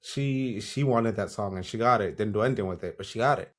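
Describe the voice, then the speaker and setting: A man's voice: fairly low pitch, brisk. Laid-back man podcast co-host. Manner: relaxed, agreeable, frank and salty. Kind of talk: casual chat reviewing a TV show.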